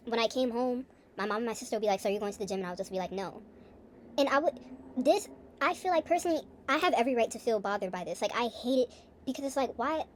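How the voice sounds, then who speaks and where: A woman's voice: fairly high pitch, a little hiss or hum. A young woman talking in a casual, rambling video diary, full of fillers and asides. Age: young adult. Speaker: vlogger.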